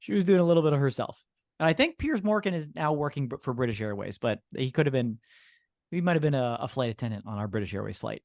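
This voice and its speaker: A man co-hosting a podcast in casual chat, a relaxed storyteller who laughs often. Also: medium pitch, fast, no room sound, clean studio sound. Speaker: podcast co-host.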